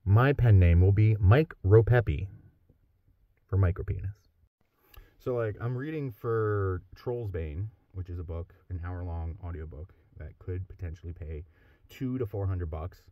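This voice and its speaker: A man's voice: low-pitched, measured pace, dry recording, phone-quality sound. A man who is a powerlifter and audiobook narrator, talking in a casual vlog with a wry, joking, self-deprecating manner.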